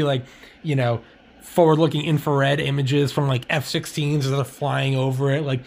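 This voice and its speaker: A man's voice: medium pitch, fairly even intonation, normal speed, gravelly, darkish tone, a little hiss or hum. A young man hosting a podcast in casual chat, rambling and swearing, laughing often. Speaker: podcast host.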